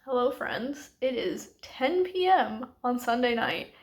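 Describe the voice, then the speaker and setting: A woman's voice: on the high side, sing-song, takes it slowly. A woman in her late twenties talking casually to camera in a rambling, self-deprecating book vlog. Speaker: book vlogger.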